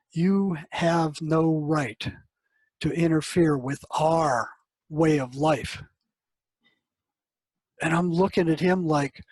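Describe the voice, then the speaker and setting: A man's voice: a little high, breathy edge, dry recording, poor audio. An older man, a psychotherapist, telling a story in a casual, conversational way and acting out the dialogue. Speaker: psychotherapist guest. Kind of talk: storytelling interview answer.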